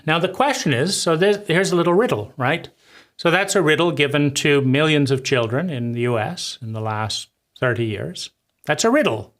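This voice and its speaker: A man's voice: a little high, moderate pace, fairly bright tone. A man giving an impassioned lecture on trauma, emphatic and sweeping, piling phrase on phrase. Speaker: trauma speaker.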